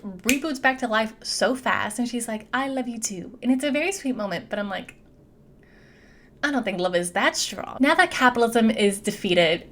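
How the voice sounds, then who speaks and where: A woman's voice: mid-range voice, a bit bright. A young adult woman giving a casual, chatty movie recap, peppering her speech with "like". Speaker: movie reviewer.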